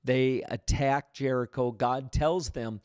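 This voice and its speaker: A male pastor talks through scripture in a relaxed, conversational way, full of fillers and restarts. His voice sits in a middle register and climbs for emphasis. The sound is dry and close, with no room around it. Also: mid-range voice, slow, clean tone, no room sound. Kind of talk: livestreamed Bible study teaching.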